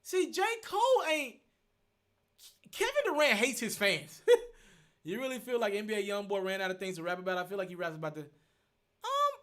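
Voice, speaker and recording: A man hosting a live stream, thinking out loud as he works through viewer questions. His voice sits high and sounds bright and forward. He restates his points as he goes and stays earnest. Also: wildly swooping pitch, moderate pace, long pauses. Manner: thinks aloud, repeats himself, earnest. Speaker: host.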